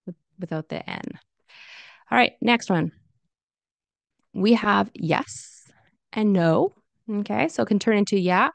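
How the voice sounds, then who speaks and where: Woman pronunciation teacher, lowish gravelly voice, slow deliberate delivery, dry room. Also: dry recording. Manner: slow and deliberate, repeating example phrases. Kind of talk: casual spoken lesson.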